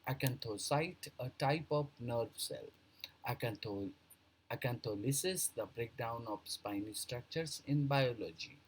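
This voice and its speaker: A man works through a vocabulary lesson at a slow, unhurried pace, saying each word and then its definition. His voice sits at a middle pitch with a husky edge, and he stops to correct himself and repeat pronunciations. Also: low-quality recording. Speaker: English vocabulary teacher.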